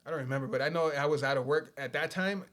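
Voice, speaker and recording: A fast-talking man with a slightly high, fairly bright voice shares his life story as a podcast guest. He keeps it laid-back and casual, swearing frequently and leaning on "you know."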